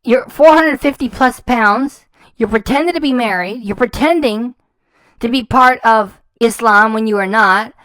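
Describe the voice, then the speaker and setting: A woman's voice: on the high side, unhurried, a bit bright, clean tone, no echo, poor audio. A woman giving a scathing, sarcastic reaction commentary, mocking and swearing, tripping over her words when she gets heated. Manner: mocking, sarcastic and profane, stumbles when worked up.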